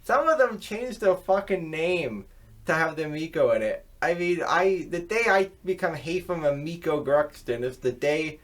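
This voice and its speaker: Channel host, male, swears a lot, rambles with fillers, voice sits a bit high. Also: lively intonation, moderate pace, a bit bright. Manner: profane, rambling, with frequent fillers. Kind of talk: casual rant vlog.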